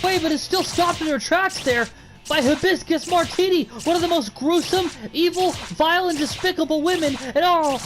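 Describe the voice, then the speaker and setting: Excitable male wrestling announcer with a very high voice, faint music behind, fast hype calls. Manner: excitable, exclamatory. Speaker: wrestling commentator. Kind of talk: play-by-play commentary.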